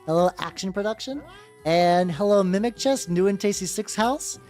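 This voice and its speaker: A woman's voice: medium pitch, expressive, moderate pace. A woman streaming as she paints miniatures, chatting casually with her viewers, greeting them by name, laughing and swearing freely. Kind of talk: casual livestream chat. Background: soft background music.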